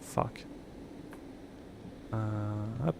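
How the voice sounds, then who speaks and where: Frustrated on a live game stream, a young English-speaking man swears and mutters to himself. His voice is on the low side with fairly even intonation, drawn-out words, and vocal fry, against a noisy background.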